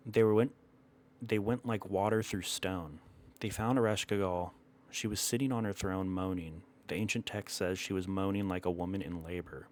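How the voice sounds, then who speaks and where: A man telling an old myth in a measured, dramatic way, stopping now and then to correct himself. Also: sits low, fairly even intonation, a little mellow. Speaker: storyteller. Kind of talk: storytelling narration of a myth.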